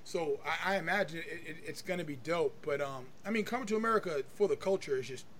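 A male podcast host with a noticeably high-pitched voice, talking in a loose, casual way. He swears constantly and drifts into long, rambling anecdotes. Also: fast talker, a bit bright, a little hiss or hum. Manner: profane, rambling storyteller. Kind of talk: casual chat.

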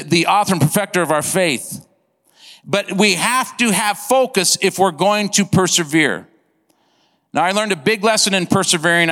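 Animated male pastor in echoing hall. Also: high voice. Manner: animated, comic, acts out sound effects. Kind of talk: sermon storytelling. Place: church.

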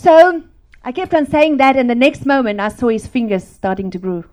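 A middle-aged woman from South Africa preaching a testimony sermon, animated and laughing, swinging from loud to hushed. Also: sits high, normal speed.

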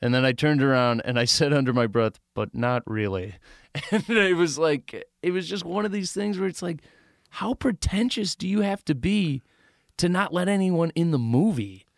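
A man co-hosting a podcast, telling an animated story in casual chat and mumbling the lines of the people in it. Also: fairly high pitch, moderate pace, no echo, studio quality. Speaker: podcast co-host.

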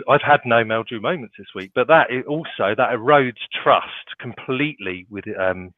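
A man's voice: on the low side, no echo. Man on a tinny phone line. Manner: chatty, laughs easily. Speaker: podcast co-host. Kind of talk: casual chat.

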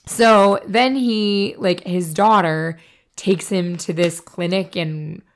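A woman co-hosting a podcast, hoarse from a cold, talking casually and bluntly with lots of fillers and swearing. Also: fairly low pitch, fairly even intonation, slow. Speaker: podcast co-host. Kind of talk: casual chat.

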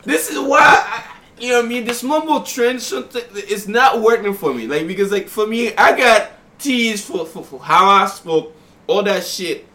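Brief: high, bright man with non-native English accent, animated profane podcast rant. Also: normal speed. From immigrant to the United States. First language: not English. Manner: animated, profane ranting with laughter. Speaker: podcast co-host. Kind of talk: casual chat.

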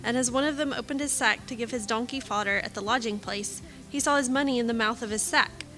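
A woman reading scripture aloud in a measured, steady way. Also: a little high, soft background music. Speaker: scripture reader.

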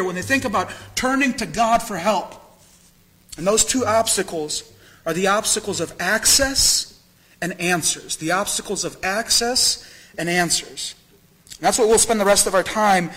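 A man's voice: high-pitched, sharp tone, rough recording. A man preaching a sermon as pastor, earnest and candid, repeating phrases for emphasis. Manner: candid, self-disclosing.

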